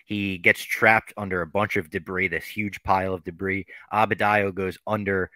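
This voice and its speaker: Low-voiced man, bright casual recap. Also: normal speed, no echo. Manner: animated, profane retelling of plot. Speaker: podcast host.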